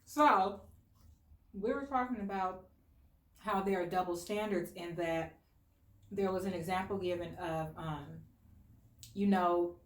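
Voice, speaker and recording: A woman's voice: on the low side, measured pace, pauses often. An American woman hosting a casual discussion, talking earnestly and with strong opinions, with many "like" fillers. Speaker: host. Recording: echoey room.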